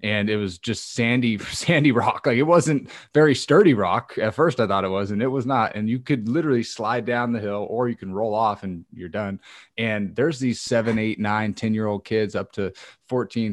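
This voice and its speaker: A man co-hosting a podcast, telling a story in an energetic, enthusiastic casual chat. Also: lowish voice, no echo, clean studio sound. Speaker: podcast co-host.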